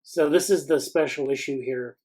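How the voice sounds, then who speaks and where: A man with a slightly high, darkish voice speaks at a normal pace on a low-quality recording. He hosts a casual research meeting over video call, reading newsletter excerpts aloud and then commenting hesitantly, with many fillers and restarts.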